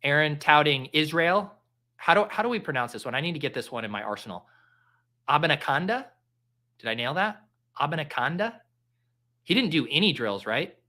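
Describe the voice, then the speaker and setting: Bright-voiced jokey fantasy football host. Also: male voice, a little high, expressive, quick pace. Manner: rambling, jokey, self-deprecating. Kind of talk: casual live-stream draft chat.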